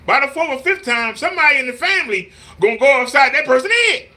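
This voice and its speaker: Bright-voiced man preaching casually. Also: very high-pitched, big pitch swings, a little fast, few pauses. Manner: preachy, repetitive, scolding; mimics voices in quotes. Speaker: vlogger. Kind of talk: casual live-stream talk.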